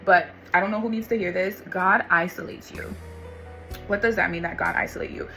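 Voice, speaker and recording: Bright-voiced woman sharing her faith story. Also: medium pitch, a little fast, faint music behind, poor audio. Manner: animated, acts out voices of others and God; calls listeners honey and y'all. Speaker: vlogger sharing faith testimony. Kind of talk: casual spoken testimony.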